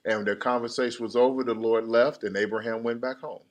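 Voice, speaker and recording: A man's voice: medium pitch, steady tone, brisk, muffled recording. A man teaching a Bible class in sermon style, retelling scripture animatedly, acting out the characters, and telling the reader to keep going.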